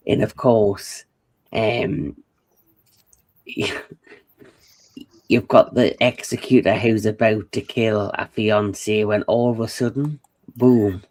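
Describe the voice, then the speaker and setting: A man with a fairly low voice tells the story of a movie on a casual podcast. He talks in a loose, laid-back way, full of fillers. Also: a little mellow. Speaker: podcast co-host. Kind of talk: casual plot recap.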